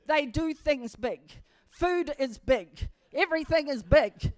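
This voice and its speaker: A woman preacher giving a church sermon, telling stories animatedly and building to emphatic high points. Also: expressive, slow, no echo. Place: church service.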